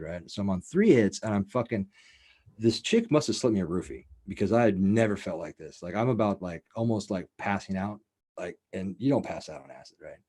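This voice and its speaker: Fast-talking deep-voiced man telling a story. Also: expressive, a little mellow, slightly rough. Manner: rambling and profane, with many "like"s and "you know"s. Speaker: podcast host. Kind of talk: casual storytelling.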